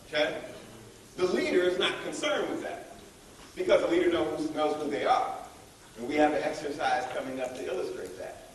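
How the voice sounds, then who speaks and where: High-voiced man in an echoey hall. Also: a little fast, far from the mic, slight background noise. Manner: energetic, calls on the audience to join in. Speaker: leadership workshop speaker. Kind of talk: motivational workshop talk. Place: large echoey room at a college event. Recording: echoey room, voice heard from afar.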